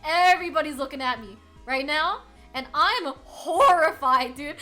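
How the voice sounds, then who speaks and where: A young woman streamer telling a story in a high, bright voice, animated and filler-heavy. Faint music plays underneath. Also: unhurried. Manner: animated, laughing, lots of filler words. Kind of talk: casual storytelling chat.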